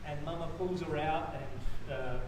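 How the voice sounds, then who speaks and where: A man's voice: fairly high pitch, fairly even intonation, measured pace. Man, pastor from Australia, conversational sermon, distant mic, very echoey church, audible background noise. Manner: anecdotal, conversational with self-corrections. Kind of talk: sermon with a personal story.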